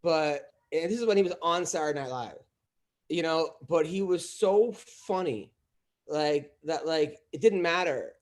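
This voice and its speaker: A man's voice: fairly high pitch, unhurried. A man, a comedian, telling rambling stories in casual podcast chat, full of fillers and restarts. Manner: rambling storytelling with lots of fillers. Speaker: comedian guest.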